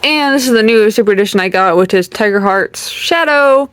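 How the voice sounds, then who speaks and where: A woman's voice: medium pitch, lively intonation, a little fast, a bit bright, clear, resonant tone, no room sound. A young woman giving a casual bookshelf tour, chatty and rambling, often trailing off with ums and little giggles. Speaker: channel host.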